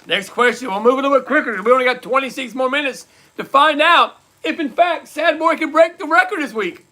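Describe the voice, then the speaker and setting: A man hosting a live online trivia night, reading out scores and repeating each question slowly, in casual chat. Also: extremely high pitch, pushed and bright. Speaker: livestream trivia host.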